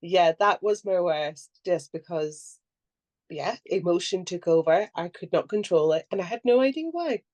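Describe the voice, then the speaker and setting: A young woman with a slightly low voice chats casually on a podcast and tells stories with plenty of animation. She laughs freely and puts on little voices for the people in her stories. It sounds like relaxed, unscripted conversation between friends. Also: moderate pace. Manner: animated storyteller who acts out quotes and laughs often. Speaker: actor and podcast co-host.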